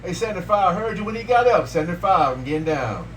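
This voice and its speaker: A man's voice: high voice, lively intonation, fast, far from the mic, over a noisy crowd. A man chatting on a CB radio, calling out handles and repeating himself in slangy back-and-forth banter. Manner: repetitive, slangy call-and-response banter. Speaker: CB radio operator.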